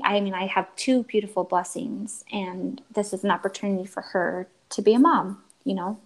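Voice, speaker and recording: A woman in her thirties shares a deeply personal story with earnest feeling. She acts out the dialogue as she quotes it and often restarts her sentences, speaking at a medium pitch. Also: darkish tone, low-quality recording. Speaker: guest telling her story.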